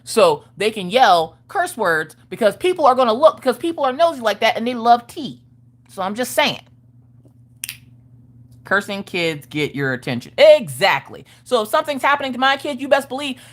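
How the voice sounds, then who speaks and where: A woman hosting a live stream and chatting casually about parenting, frank and profane, with animated storytelling. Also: fairly high pitch. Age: adult parent of school-age children.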